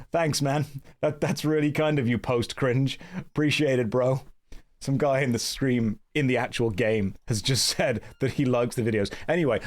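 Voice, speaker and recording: A male streamer delivers a sarcastic, mock-bitter monologue in a very animated voice that swings up and down. He talks with a theatrical, self-mocking edge, and faint music plays behind him. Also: medium pitch.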